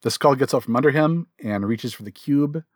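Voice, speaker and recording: Quick, self-interrupting podcast man. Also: medium pitch, no echo, clean studio sound. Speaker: podcast co-host. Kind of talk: casual chat about comics.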